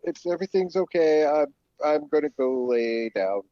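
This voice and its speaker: A man's voice: fairly high pitch, animated, no echo. A man playing a tabletop role-playing game who repeats words as he gets going. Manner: repeats words as he starts, halting. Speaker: player. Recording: dry lo-fi mic.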